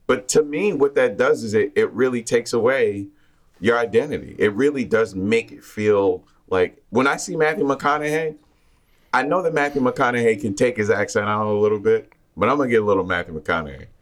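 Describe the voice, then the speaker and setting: A man co-hosting a casual film review chat, talking in a halting, thoughtful way with many restarts. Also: mid-range voice. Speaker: film podcast co-host.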